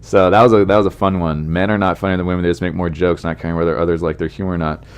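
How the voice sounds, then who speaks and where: A comedian hosts his own podcast in a loose, rambling monologue. His voice sits very low, and he keeps poking fun at himself while tossing asides to the listeners. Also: little pitch movement, rapid-fire, smooth. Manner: rambling, self-deprecating, chatty asides to listeners.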